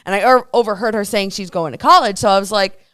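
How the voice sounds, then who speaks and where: A young woman co-hosts a casual live stream, speaking in a smooth, resonant voice over a dry, close sound. She tells stories with animation and slips into the voices of the people she quotes. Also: mid-range voice, fast talker, dry recording. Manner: animated storyteller acting out quoted dialogue. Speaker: co-host. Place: hotel room.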